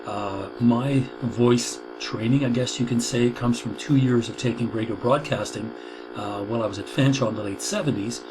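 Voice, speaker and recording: A man in his sixties giving a recorded video lecture as a college instructor, in a measured, deliberate way that stresses key words. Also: medium pitch. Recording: steady hum under the voice.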